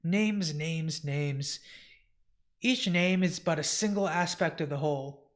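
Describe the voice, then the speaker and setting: A man's voice: fairly high pitch, slow pace. A man voicing a cryptic trio of ancient female fates with archaic endearments while reading a comic aloud.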